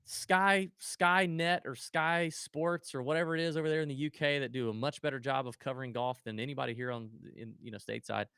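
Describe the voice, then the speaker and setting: A man's voice: medium pitch, steady tone, a little fast, gravelly, hardly any pauses, pushed and bright, smooth, no room sound, clean studio sound. A man co-hosting a podcast, telling stories animatedly with goofy sound effects and casual chat. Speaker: podcast co-host.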